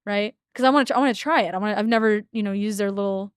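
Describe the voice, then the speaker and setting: A woman's voice: medium pitch, rapid-fire, clean tone, no room sound, studio quality. A young woman co-hosting a livestream, telling stories in a chatty way and laughing often. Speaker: livestream co-host. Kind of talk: casual livestream chat.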